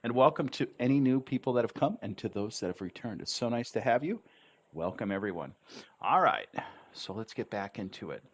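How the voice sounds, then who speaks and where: Lively man teaching English slowly. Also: medium pitch, slightly rough. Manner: slow, deliberate syllable-stressed delivery of practice dialogues. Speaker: English tutor. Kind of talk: livestream language lesson.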